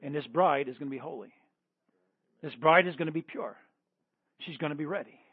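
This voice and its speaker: Fervent high-voiced male preacher, tinny sound. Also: fairly quick, breathy edge, no room sound. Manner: fervent preaching, repeated calls and rising then dropping to hushed prayer. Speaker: pastor. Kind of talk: sermon with altar-call prayer. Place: church service.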